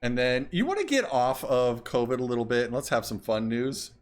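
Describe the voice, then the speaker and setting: A man with an everyday mid-range voice runs through strange news stories in a relaxed comedy chat. He reads each headline aloud and then laughs at it. A faint bed of music sits behind him. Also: medium pitch, a little fast. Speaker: podcast co-host reading news stories.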